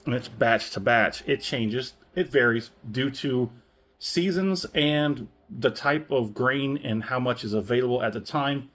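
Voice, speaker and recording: A man's voice: mid-range voice, unhurried. Rambling, chatty male whisky reviewer. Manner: rambling, chatty, self-correcting, chuckles often. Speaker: spirits reviewer. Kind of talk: casual product review.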